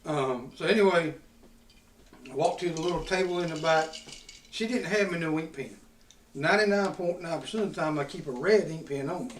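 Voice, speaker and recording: A man's voice: a little high, a little fast, slight background noise. A man, hosting a podcast and telling a rowdy, profane story in a casual drawl. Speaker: podcast host. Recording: roomy sound from a distant mic.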